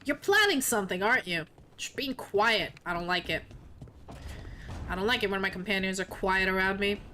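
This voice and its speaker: Young woman streamer joking around, bright lively voice, bit of room hum. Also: medium pitch, moderate pace. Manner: playful, swearing, laughing often. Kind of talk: casual gaming commentary.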